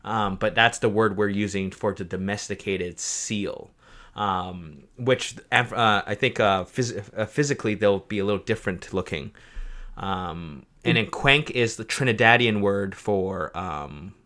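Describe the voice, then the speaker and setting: A man's voice: on the low side, measured pace, fairly bright tone. A young man on a livestream explaining a map project, rambling with lots of fillers and self-corrections. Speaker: project co-creator presenting a map.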